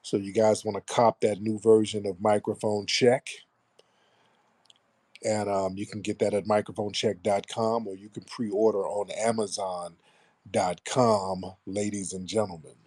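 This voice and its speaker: A man's voice: fairly low pitch, little pitch movement, unhurried, a little mellow. A man hosting a live political commentary show, blunt and mocking, with rambling asides. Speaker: radio show host.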